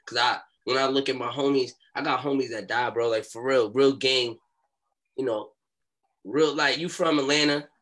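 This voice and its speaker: A young man telling a story as a podcast guest, in animated street talk and acting out what people said. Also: medium pitch, moderate pace. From New York.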